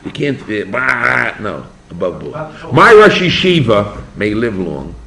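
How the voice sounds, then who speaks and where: Animated older rabbi teaching a class. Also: male voice, lowish voice, a little slow. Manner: animated, asks the students questions, acts out voices. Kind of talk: yeshiva lecture. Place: yeshiva classroom.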